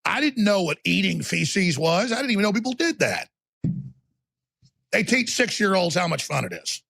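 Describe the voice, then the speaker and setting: A male radio talk show host delivering a fiery on-air rant, swinging from shouted outbursts to low muttering. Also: sing-song, normal speed, gravelly, slightly rough, dry recording.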